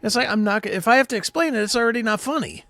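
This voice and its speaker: A man's voice: very high-pitched, expressive, racing, pushed and bright, no room sound. A man co-hosting a podcast in casual chat, an agreeable sidekick who chuckles along. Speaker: podcast co-host.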